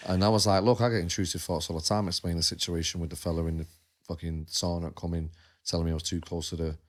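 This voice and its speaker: Deep-voiced, blunt coach. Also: male voice, flat delivery, fast. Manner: blunt, swears, repeats himself. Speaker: podcast co-host and coach. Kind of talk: casual chat.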